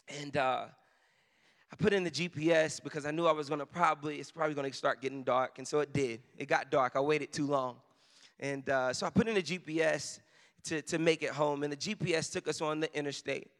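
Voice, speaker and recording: A man preaching in a church, with a high, bright voice. He tells his story conversationally and pushes into shouted emphasis. His voice rings with the long reverb of a big hall. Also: steady tone, a little fast. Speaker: pastor. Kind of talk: sermon with personal story.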